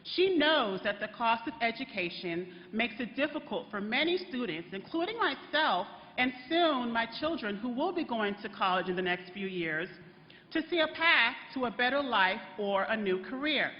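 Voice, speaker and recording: A woman's voice: fairly high pitch, expressive, moderate pace. A woman, earnestly reading a prepared introduction at a political rally. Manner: earnest, choking up with emotion. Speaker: rally speaker introducing the candidate. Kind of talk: prepared speech read at a rally. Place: large hall at a political rally. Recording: dull PA sound, reverberant hall, crowd behind.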